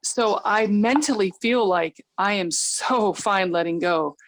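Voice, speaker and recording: A woman's voice: mid-range voice, unhurried, slight background noise. A woman from the audience, speaking openly and searchingly about her feelings. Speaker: audience member asking a question.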